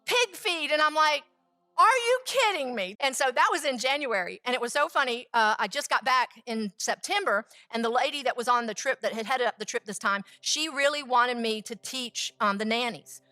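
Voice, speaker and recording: A woman who is a food scientist, teaching with lively stories and rhetorical questions. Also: fairly high pitch, fairly quick, few pauses, no echo. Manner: animated, acts out quotes, asks rhetorical questions. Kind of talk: teaching talk with storytelling.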